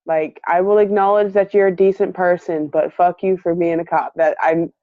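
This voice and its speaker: Animated woman telling a story, muffled. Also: on the low side, moderate pace, no echo. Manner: animated, laughing, acts out quotes. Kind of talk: casual chat, storytelling. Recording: muffled lo-fi, dry.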